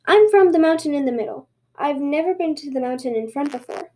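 A woman's voice: high-pitched, lively intonation, a little fast, darkish tone, voice pushed up. A woman doing a sly sugary rabbit. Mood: innocent. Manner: sugary, falsely innocent. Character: sly sweet-talking male rabbit trickster.

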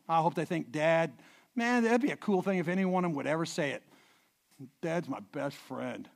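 Animated middle-aged male preacher, high voice. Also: fairly quick, gravelly. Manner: animated storyteller, swings from hushed to loud emphasis; frequent repeated words and restarts. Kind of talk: sermon with anecdotes.

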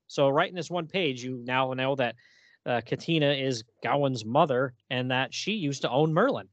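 A man's voice: medium pitch, moderate pace, no room sound, muffled recording. Dry-sounding man hosting a comic podcast. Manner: retells comic pages, reading dialogue aloud. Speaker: podcast host. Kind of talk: casual podcast discussion.

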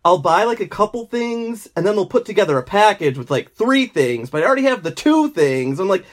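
A man joining a podcast remotely, chatting in a relaxed way with chuckles. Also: sits high, brisk. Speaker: podcast guest. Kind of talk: casual chat. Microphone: remote call.

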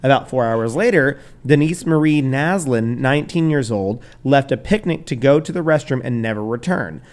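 A man's voice: mid-range voice, expressive, moderate pace, darkish tone. A male podcast host with a mid-range voice, reading through a crime story in casual chat. He swears freely and laughs often. He stumbles over names as he goes.

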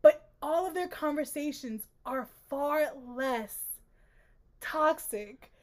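A woman co-hosting a casual book-discussion podcast, animated and laughing as she acts out quotes from the book. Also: sits high, slow. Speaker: podcast co-host.

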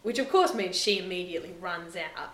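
A woman's voice: fairly low pitch, expressive, fairly quick, a crowd in the background. A woman hosting a casual chat, recapping an episode in a rambling way full of "like" and "sort of.". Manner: rambling, heavy use of "like" and "sort of". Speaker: podcast host. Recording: roomy echo.

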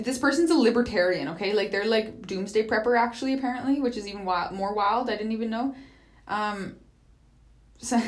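A woman hosts a podcast alone and speaks in a casual monologue. She is chatty and profane and laughs easily as she rambles through her story. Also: mid-range voice. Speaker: podcast host.

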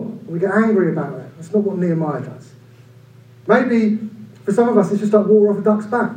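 A man around forty, preaching a sermon in an animated, conversational way with humorous asides. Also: a little fast. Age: about 40. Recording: echoey room from far off, low-quality.

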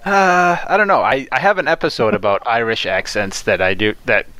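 A man's voice: medium pitch, a little fast, pushed and bright. A man co-hosting a podcast in casual chat, joking and giggling often. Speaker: podcast co-host.

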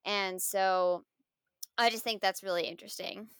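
A woman's voice: mid-range voice, steady tone, normal speed, a bit bright, clean tone, no echo, studio quality. A woman co-hosting a casual film review podcast, talking thoughtfully and reflectively, full of "like" and "you know". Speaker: podcast co-host.

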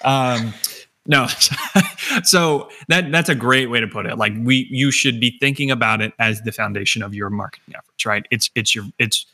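A male podcast host chats in an easy, casual way, joking and rambling with plenty of fillers and restarts. His voice is bright with a forward edge, at a middling pitch and normal speed.

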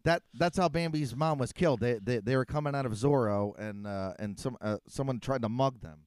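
A man's voice: medium pitch, a little mellow, smooth, dry recording, clean studio sound. A man in casual podcast chat, rambling and swearing with many restarts. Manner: rambling, profane, restarts often.

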